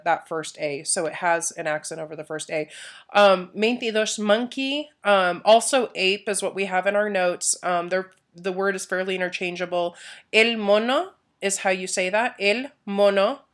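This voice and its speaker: A young woman teacher giving a recorded review for a Spanish test, relaxed, with many "um" fillers, repeating key points and saying Spanish words with a Castilian accent. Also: lowish voice. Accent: Castilian Spanish when speaking Spanish.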